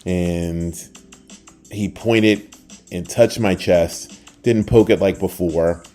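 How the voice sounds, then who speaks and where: An older man hosting a short podcast, telling a personal story in a casual, lively way and acting out the people he quotes. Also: sits low, slow, soft background music. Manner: animated, acts out quoted voices, trails off at the end. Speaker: podcast host.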